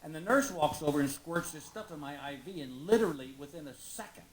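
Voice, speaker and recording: Middle-aged man, stand-up comedy storytelling, acts out the people he quotes, high voice, roomy live venue. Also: fast, crowd noise. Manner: animated, acts out quoted people, leaps high when exclaiming.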